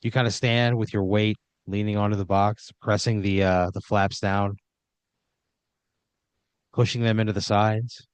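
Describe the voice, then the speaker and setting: A man's voice: lowish voice, little pitch movement, unhurried, long pauses, clear, resonant tone, no echo. A man narrating an improvised horror comedy scene in a loose, rambling way, full of fillers and restarts. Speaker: storyteller running the scene.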